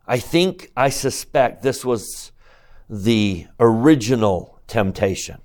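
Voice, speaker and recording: A man teaching a scripture class who keeps asking the class questions, swinging between soft asides and emphatic rises. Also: mid-range voice, lively intonation, takes it slowly. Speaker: religious teacher.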